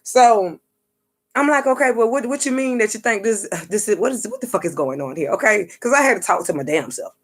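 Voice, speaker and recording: Profane, animated storytelling woman. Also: fairly low pitch. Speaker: psychic reader and vlogger. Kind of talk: casual storytelling vlog.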